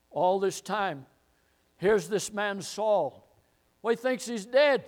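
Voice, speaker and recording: Man preacher, high voice, sermon delivery, repeats lines for emphasis and rises to loud declarations. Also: slow pace. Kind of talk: sermon, expository Bible teaching.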